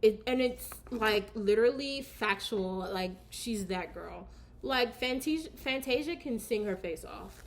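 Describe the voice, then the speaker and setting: A woman vlogger chatting casually to her camera at home, telling a story with slang and quick asides. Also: medium pitch, background noise. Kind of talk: casual story time chat.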